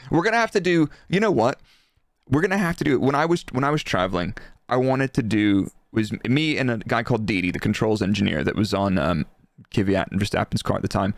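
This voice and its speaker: A man co-hosting a casual podcast, relaxed and chatty, laughing easily. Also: medium pitch, no echo, studio quality. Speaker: podcast co-host, former F1 engineer.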